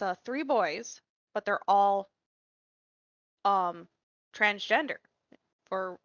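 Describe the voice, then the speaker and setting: A woman's voice: medium pitch, fairly bright tone, dull audio. A woman co-hosting a podcast in casual chat, hesitant and full of "um" and restarts. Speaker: podcast co-host.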